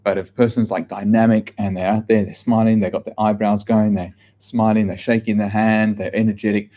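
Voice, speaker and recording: A middle-aged man giving a live real estate training session, blunt and energetic, swearing casually and often restarting his sentences. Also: on the low side, brisk, hardly any pauses. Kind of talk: live training session answering viewer questions.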